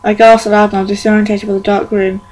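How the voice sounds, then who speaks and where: Monotone amateur woman reading a novel. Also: medium pitch, quick pace, faint music behind, poor audio. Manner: monotone reading with frequent stumbles and self-corrections. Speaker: fan audiobook reader.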